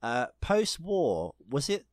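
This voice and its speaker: A man co-hosting a podcast, chatting casually and rambling along with a self-mocking, jokey streak. His voice is mid-pitched and sits close and dry, with no room sound around it. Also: wildly swooping pitch, takes it slowly, a little mellow, no room sound. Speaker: podcast co-host. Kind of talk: casual chat.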